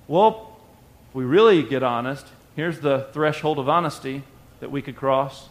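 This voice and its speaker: A man's voice: mid-range voice, normal speed. A man preaching a conversational sermon and acting out the voices of everyday people. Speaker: pastor.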